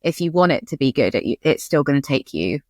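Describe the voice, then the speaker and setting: A woman's voice: sits low, very animated, a little mellow, dry recording, studio quality. A woman co-hosting a podcast, asking questions and chatting casually. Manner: quick questioning, conversational. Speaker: podcast co-host. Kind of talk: casual chat.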